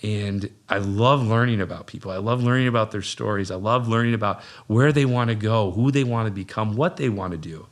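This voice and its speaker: A middle-aged man from Minnesota chatting as a podcast guest. His voice sits fairly low, and he tells his stories with animated energy, acting out his own past lines. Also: a little fast, hardly any pauses. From Minnesota, USA. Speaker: podcast guest, business owner. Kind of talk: casual storytelling chat.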